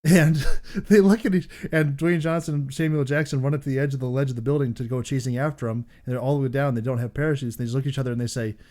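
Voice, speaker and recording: A man co-hosting a casual podcast, rambling and animated, laughing often between his sentences. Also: mid-range voice, fast. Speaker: podcast co-host.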